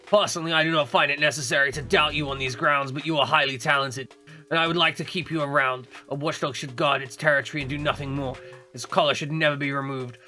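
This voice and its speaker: A man reading the lines of a stern male general in a measured, formal way. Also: a little high, fairly even intonation, bright, forceful tone, soft background music. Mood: cold.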